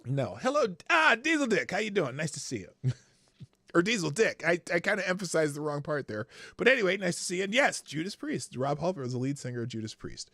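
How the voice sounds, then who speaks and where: A man hosts a political commentary livestream, speaking bluntly and profanely in rambling runs full of restarts. His voice sits a touch high, with a bright, forceful edge and a gravelly grain. The sound is dry and close. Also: very animated, quick pace, dry recording. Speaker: host.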